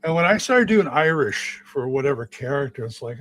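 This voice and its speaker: Chatting casually as a regular on a live show, a male stage actor rambles through stories about his acting, with many restarts. His mid-range voice is sing-song, a bit bright and a little fast, recorded with no echo.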